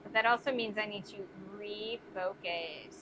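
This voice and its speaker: A woman's voice: mid-range voice, measured pace. A woman blacksmith chatting casually on a live stream as she works in her workshop, musing aloud and answering viewer comments. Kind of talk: casual live-stream chat while forging. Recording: dull lo-fi stream audio with faint noise.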